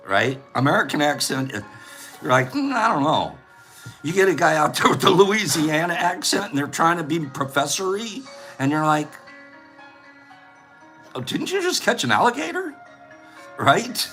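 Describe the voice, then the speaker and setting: A man hosts a casual livestream chat, reading viewer comments aloud in a playful way and laughing often. His voice is on the high side with a fairly bright tone.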